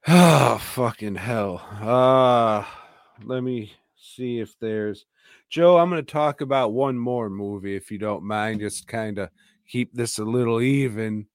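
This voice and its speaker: A man's voice: mid-range voice, takes it slowly, no echo, clean studio sound. A man co-hosting a podcast, crude and sarcastic, swearing through a casual movie chat. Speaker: podcast co-host.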